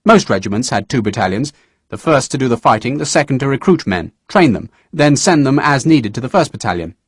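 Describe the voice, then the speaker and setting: A man narrating a historical novel audiobook in a measured storytelling manner. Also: medium pitch, lively intonation, slightly rough, dry recording, clean studio sound. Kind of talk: scripted narration.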